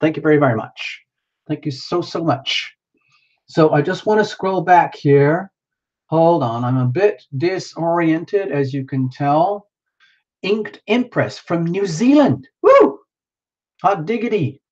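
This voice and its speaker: A man's voice: a little high, lively intonation, measured pace, a little mellow, highs cut off. A worn-out man hosting a tarot livestream, rambling casually and greeting viewers by name.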